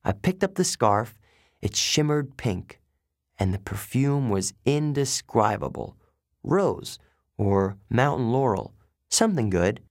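A man narrating a first-person audiobook in an expressive, wry storytelling manner from a recording booth. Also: medium pitch, slow, creaky, no room sound, studio quality.

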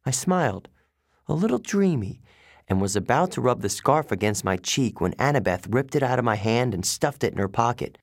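A man narrating a first-person audiobook in an expressive, wry storytelling manner from a recording booth. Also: mid-range voice, moderate pace.

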